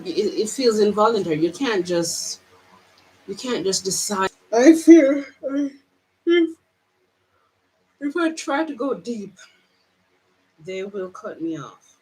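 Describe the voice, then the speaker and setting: A woman vlogger with a Jamaican accent, pouring out her feelings in a halting personal monologue full of restarts. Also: deep voice, slight background noise, rough recording.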